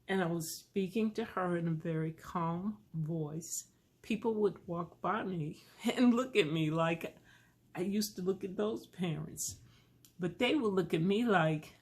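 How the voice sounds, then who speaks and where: A woman calmly telling a personal parenting story in a relaxed, unhurried way. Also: on the low side. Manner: slow, calm, gravelly storytelling.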